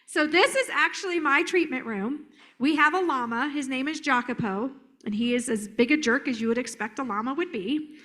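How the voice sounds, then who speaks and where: A woman giving a live conference talk as a therapist, animated and joking, slipping into silly voices. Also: high voice, normal speed.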